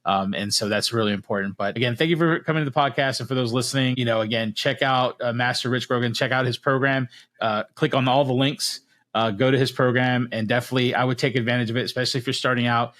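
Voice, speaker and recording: Male podcast host, easygoing closer, middle pitch, plain conversational delivery. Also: fast. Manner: friendly, relaxed wrap-up with fillers. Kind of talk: podcast interview.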